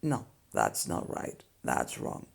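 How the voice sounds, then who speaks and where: A woman with a Spanish accent teaching basic Spanish phrases in English, patiently explaining each phrase step by step. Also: slow pace. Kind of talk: language lesson explanation.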